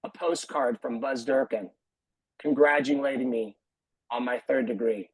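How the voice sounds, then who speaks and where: A man's voice: mid-range voice, a little slow, breathy edge, no room sound, rough recording. A man who runs a martial arts school, talking earnestly on a video call panel and repeating phrases for emphasis.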